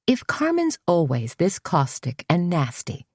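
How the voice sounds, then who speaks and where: A wry, slightly nervous small-town heroine, voiced by a woman reading the story aloud. She speaks low and unhurried, with dry, deadpan remarks. The recording is close and dry. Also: slightly rough, no echo, full character voice.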